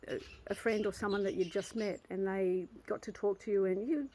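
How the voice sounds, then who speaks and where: A woman's voice: mid-range voice, brisk, slight background noise, rough recording. A woman, hosting her own channel and talking earnestly about self-worth in a casual vlog, often restarting her sentences. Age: 50s. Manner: earnest and heartfelt, with frequent restarts and soft laughs. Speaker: channel host. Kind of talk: casual motivational vlog monologue.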